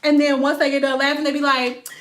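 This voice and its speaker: A hairstylist from telling a storytime vlog, animated and slangy, often slipping into other people's voices. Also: female voice, high voice, reverberant. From Detroit.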